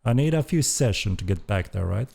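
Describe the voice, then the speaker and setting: A man's voice: lowish voice, expressive, fairly quick, creaky, a little mellow, breathy edge. A man hosting a game developer stream, giving enthusiastic live commentary as he plays and repeating his praise. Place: at a computer playing the game.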